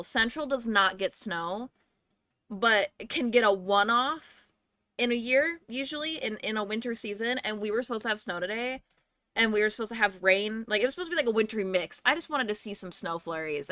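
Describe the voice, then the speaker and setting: A young woman livestreaming from home chats and rants casually to viewers, swearing often and sounding slightly out of breath. Her fairly high voice is pushed and bright, in a dry recording.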